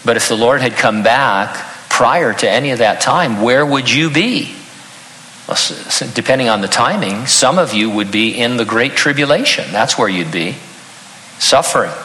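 A man's voice: medium pitch, animated, normal speed, pushed and bright, reverberant, in a large hall, a little hiss or hum, low-quality recording. An older man preaching a sermon as pastor, earnest with touches of self-deprecating humor.

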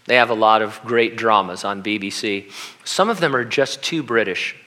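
Male pastor, bright and forceful tone, chatty sermon delivery with jokes and acted quotes. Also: on the low side, moderate pace. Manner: conversational preaching with humorous asides and acted-out quotes.

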